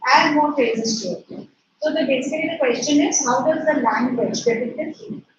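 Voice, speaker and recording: A woman's voice: high-pitched, normal speed. A woman teacher dictating an answer to her class, repeating phrases and spelling words out. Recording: echoey, distant, muffled with noise.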